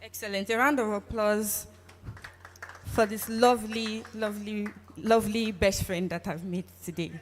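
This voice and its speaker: A woman's voice: mid-range voice, steady tone, normal speed. A woman with a Nigerian English accent hosting a live event, chatty and teasing as she talks with the audience. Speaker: event host. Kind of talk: lively audience engagement. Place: event hall. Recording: long hall reverb.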